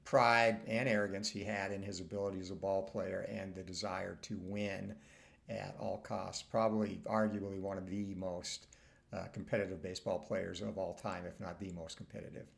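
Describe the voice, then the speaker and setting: A man gives halting, filler-heavy commentary in a gravelly voice. His pitch sits a little low, and he talks with easy enthusiasm. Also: flat delivery. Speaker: host. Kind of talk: casual commentary.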